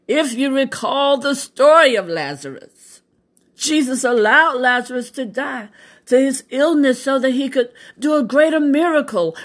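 A woman preacher reads scripture and delivers a devotional message in a fairly high voice. She speaks slowly and prayerfully, breaking into fervent exclamations of thanks. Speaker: devotional host. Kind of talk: scripture reading and devotional sermon.

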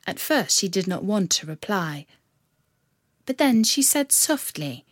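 A woman reading a storybook aloud in a measured, expressive way. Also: mid-range voice, dry recording, studio quality. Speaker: narrator. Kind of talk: storybook narration.

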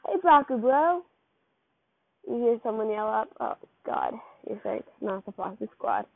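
In a tinny, dry, phone-like recording with no room sound, a woman with a mid-range voice and some vocal fry reads a second-person fan fiction story aloud. Her intonation stays fairly even and her speed is normal, and her loose, rambling delivery is full of slips and restarts.

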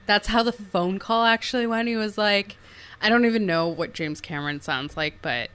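A woman's voice: medium pitch, moderate pace, fairly bright tone, clean tone. A woman co-hosting a film podcast in casual, profane chat, joking and acting out quotes. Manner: profane, jokey, acts out quotes in silly voices. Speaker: podcast co-host.

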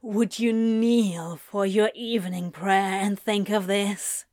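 A woman voicing a female demon, speaking in a slow, husky, teasing murmur. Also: medium pitch, fairly even intonation, a little mellow, no room sound, studio quality, close to an everyday voice.

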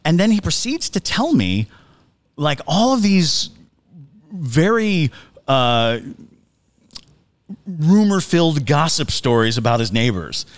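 A man's voice: fairly high pitch, sing-song, slow, pauses often. A man co-hosting a podcast, telling a story in a casual, chatty way, restarting his sentences and chuckling as he goes. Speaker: podcast co-host.

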